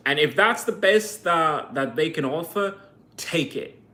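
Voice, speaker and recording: A man's voice: a little high, expressive, measured pace, sharp tone. A man vlogging a heated, profane rant to camera, full of sarcastic rhetorical questions. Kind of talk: ranting monologue to camera.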